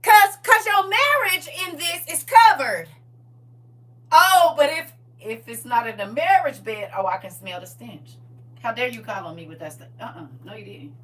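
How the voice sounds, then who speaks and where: A woman hosting a livestream, talking in a casual, preachy, comic way, animated, laughing and teasing. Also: a little high, normal speed, distant mic. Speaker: livestream host.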